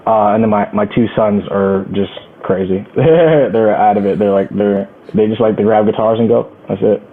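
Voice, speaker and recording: Husky American man on a tinny line. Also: fairly low pitch, normal speed. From United States. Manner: rambling and laughing, with many restarts. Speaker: musician guest. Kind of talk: casual interview.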